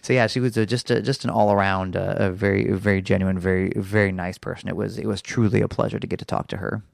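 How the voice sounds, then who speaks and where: A man's voice: fairly low pitch, flat delivery, fast, gravelly, no echo, clean studio sound. A man co-hosting a casual podcast, telling stories in a rambling way and often repeating his words. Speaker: podcast co-host.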